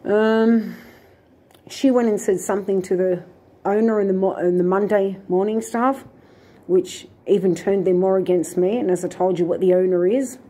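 Husky-voiced aggrieved woman. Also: medium pitch, steady tone, moderate pace, mellow. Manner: aggrieved, indignant retelling with many fillers and restarts. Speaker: vlogger. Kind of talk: rambling personal storytelling.

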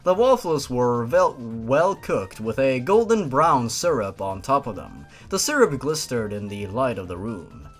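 A man's voice: medium pitch, very animated, measured pace, few pauses, faint music behind. A man giving a comedic dramatic reading and giggling at his own asides. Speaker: comedic fanfic reader.

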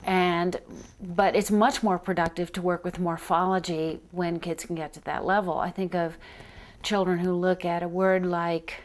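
A middle-aged woman, a reading researcher, answering interview questions in a measured, explanatory way, spelling out letters as examples. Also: fairly low pitch, little pitch movement.

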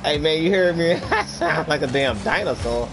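A gaming streamer with a fairly high, animated voice at normal speed gripes about his teammates while playing. He jokes casually with his younger brother, with game sounds and noise in the background.

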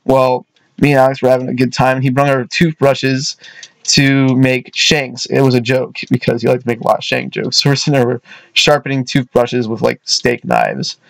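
A man's voice: mid-range voice, normal speed, vocal fry, no echo. Rambling young man telling a story. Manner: rambling, with frequent restarts and "you know what I mean". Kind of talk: casual storytime.

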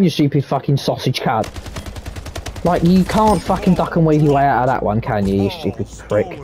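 A man's voice: medium pitch, big pitch swings, brisk, darkish tone, a little hiss or hum. A young man doing gameplay commentary, boasting, swearing and trash-talking nonstop. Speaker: gaming YouTuber.

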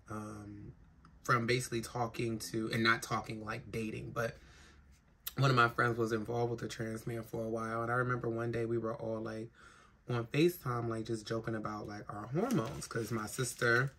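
A trans woman with a rumbling low, slightly bright voice vlogs from home in a big city. Worn out after crying, she chats casually to the camera, rambling, frank and swearing a lot. Faint city noise sits in the background.

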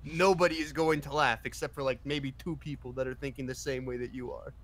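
A man in casual voice chat, riffing loudly with lots of swearing. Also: medium pitch, fairly even intonation, a little fast. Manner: profane, boisterous riffing. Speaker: streamer.

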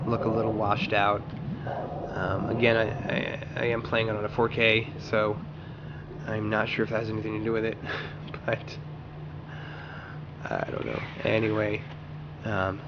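Man, lowish voice, casual gameplay commentary, rambling self-talk, noisy home recording. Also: dull audio. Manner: rambling, self-talking while playing. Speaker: gaming channel host.

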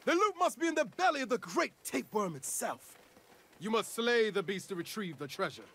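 A man's voice: sits high, sing-song, brisk, fairly bright tone, full character voice. An actor playing a young man who loves LARP and talks in grand mock-medieval phrases in a video game. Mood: grandiose. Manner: grand archaic speech, snaps into plain swearing. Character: young male LARP fan, pompous mock-medieval talk.

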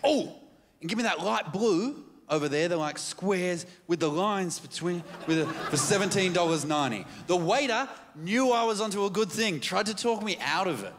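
A man in his thirties performs a live stand-up set, his voice pitched high and swinging widely as he acts out little scenes. The sound carries the long reverb of a large theatre, with clear audience noise underneath. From Australia. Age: 30s. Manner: animated storytelling, quick jumps into quoted voices. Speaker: stand-up comedian. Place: large comedy theatre stage.

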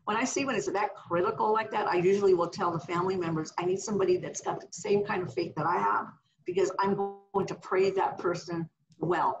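A middle-aged woman minister, a podcast guest, telling a healing testimony in an animated way and acting out the voices she quotes. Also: fairly low pitch, muffled recording. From California.

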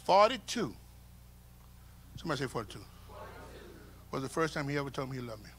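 A male pastor, preaching a sermon and moving from shouts and call-and-response to quiet, close talk. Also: medium pitch, big pitch swings, a little fast, a little hiss or hum. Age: 50s. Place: church sanctuary with congregation.

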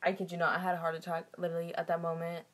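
A woman's voice: on the low side, monotone, very fast, fairly bright tone. A teenage girl vlogging casually, giggly and gossipy, filling her talk with "literally" and "like.". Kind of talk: casual vlog chat. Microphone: phone camera. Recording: noisy phone video.

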